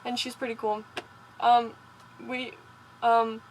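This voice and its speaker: A young woman casually telling a story on her vlog, animated and excitable with gasps and exclamations. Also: a little high, slow, slight background noise, rough recording. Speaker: vlogger.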